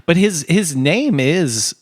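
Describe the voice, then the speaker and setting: A man co-hosting a comedy podcast in casual chat, wry and teasing with quick quips. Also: on the high side, animated, slightly rough, no echo, studio quality. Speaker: podcast co-host.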